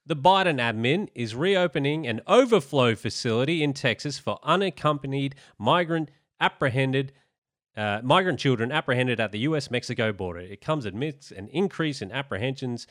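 An Australian man hosting a podcast, measured and wry, reading headlines aloud. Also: medium pitch, lively intonation, fairly bright tone. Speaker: podcast host. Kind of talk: casual podcast commentary.

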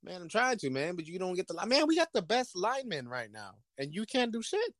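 Man, casual sports chat, profane, lively swooping pitch, dry close sound. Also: fairly quick, no room sound. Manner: profane, animated, acts out imagined dialogue. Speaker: podcast co-host.

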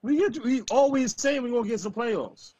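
A man co-hosting a casual sports podcast, ranting and self-mocking in animated bursts. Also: extremely high pitch, normal speed, no room sound. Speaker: podcast co-host.

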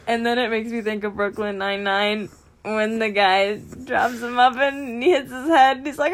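A woman's voice: fairly high pitch, moderate pace. A woman who teaches, co-hosting a casual podcast chat. She wanders from tangent to tangent, talks herself down, and acts out little voices as she tells stories. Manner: rambling, self-deprecating, jumps between tangents; animated storytelling with voiced asides. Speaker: podcast co-host.

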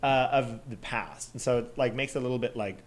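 A man's voice: mid-range voice, a little fast. A man co-hosting a casual podcast, reading a scary story aloud and joking with his friend. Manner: joking, laughs often. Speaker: co-host reading creepypasta.

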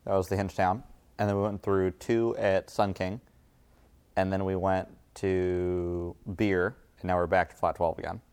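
A man talking in a relaxed, explanatory way in a casual chat. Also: deep voice, moderate pace, smooth.

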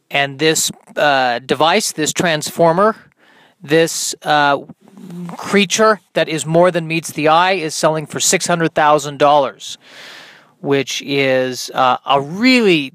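A young man with a high tenor voice hosting a solo podcast, rambling in a dry, self-mocking way with many ums and restarts. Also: fairly bright tone, no echo. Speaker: podcast host. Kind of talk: solo comedic podcast monologue.

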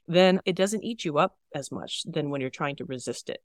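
Low-voiced woman in dry casual chat. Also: moderate pace, dry recording. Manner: animated, laughs often, acts out her own inner voice. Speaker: podcast guest. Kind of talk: casual conversation.

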